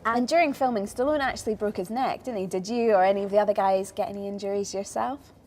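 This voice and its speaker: Playful female presenter, mid-pitched, teasing and laughing, light entertainment interviewer. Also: fast, darkish tone. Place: indoors at a public venue.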